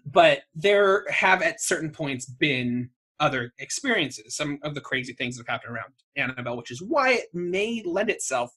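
A man with a bright, forward voice and a husky edge, pitched a touch high for a man. He tells a story as a podcast co-host, wry and loose, swearing freely and laughing at his own cynicism. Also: animated, normal speed, hardly any pauses. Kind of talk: casual storytelling chat.

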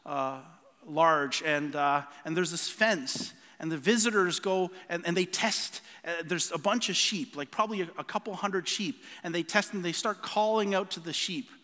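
A man delivers a sermon in an earnest, personal storytelling manner, often restarting and repeating words as he goes. His voice sits high and sounds bright and forceful. Long reverb from a large hall trails every phrase. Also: moderate pace. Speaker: preacher.

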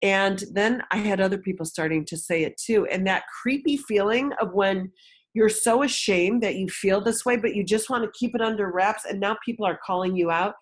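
A woman's voice: mid-range voice, normal speed. A woman guest in an interview, frankly telling a personal story and acting out the voices of people she quotes.

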